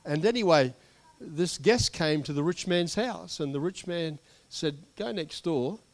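A man voicing an ancient prophet who tells a pointed parable in a measured, plain way. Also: fairly high pitch, lively intonation, voice pushed up. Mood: earnest. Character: earnest ancient prophet, calm and pointed storyteller.

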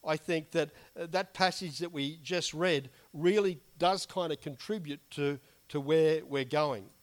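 A man's voice: on the high side, a little slow. A man preaching a conversational, earnest sermon while losing his voice. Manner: earnest, conversational preaching with frequent "you know". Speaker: pastor.

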